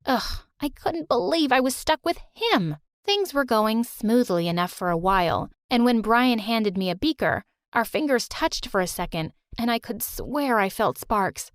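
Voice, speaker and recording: A woman narrating a first-person storytime in a lively, expressive way. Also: on the high side, moderate pace, hardly any pauses, dry recording, studio quality.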